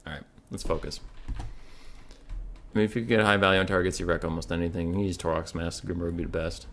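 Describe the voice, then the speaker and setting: A man's voice: fairly even intonation, a little fast, fairly bright tone. A man casually streaming and giving game strategy advice, swearing now and then. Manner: swears casually, breaks into a high baby-talk voice for his dog. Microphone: desk microphone.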